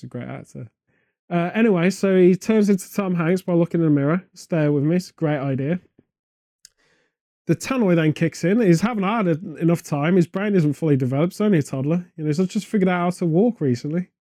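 A man co-hosting a comedic casual chat, rambling through absurd film pitches in an animated and easily exasperated way. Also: fairly quick, dry recording, studio quality. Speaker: podcast co-host.

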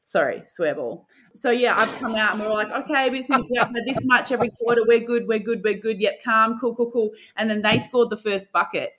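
A woman's voice: on the high side, fairly quick, few pauses, fairly bright tone. A young woman, a basketball player guest in an interview, telling stories casually and acting out her own thoughts with the odd swear. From Australia.

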